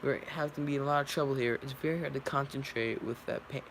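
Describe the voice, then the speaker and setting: A man's voice: mid-range voice, fast talker, a little hiss or hum, lightly acted. A man reading as a panicking woman pilot. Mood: flustered. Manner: flat, offhand read.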